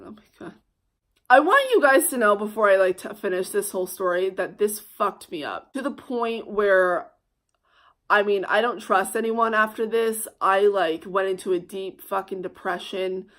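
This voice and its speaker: Young woman ranting through a storytime vlog, swears a lot, gets loud then goes quiet. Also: medium pitch, moderate pace. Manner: heated, swearing, swings between loud outbursts and hushed asides. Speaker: vlogger.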